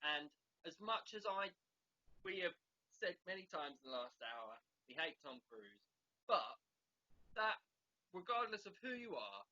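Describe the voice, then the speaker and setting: Bright, sweary podcast host. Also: male voice, fairly high pitch, very animated, measured pace, long pauses. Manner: sweary, rambling, laughs often. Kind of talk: casual chat. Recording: dull lo-fi sound.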